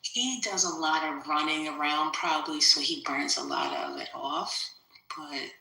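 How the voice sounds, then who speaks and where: Easygoing woman with a bright voice. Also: sits low, moderate pace, gravelly. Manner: easygoing, laughs often. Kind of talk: casual chat. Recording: roomy echo.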